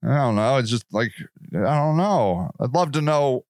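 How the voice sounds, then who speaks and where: A man's voice: mid-range voice, expressive, measured pace, darkish tone, no room sound, studio quality. A man in his sixties hosting a podcast, ranting in a profane, sarcastic way and laughing at himself. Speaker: podcast host. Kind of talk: casual ranting monologue.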